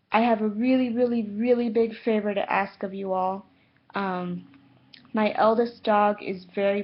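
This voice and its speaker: Woman, spiritual vlogger, slow and halting with lots of fillers; lo-fi home recording. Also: medium pitch. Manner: halting, many fillers and self-corrections; slow and unhurried. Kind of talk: casual talk to camera. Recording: dull lo-fi home video sound.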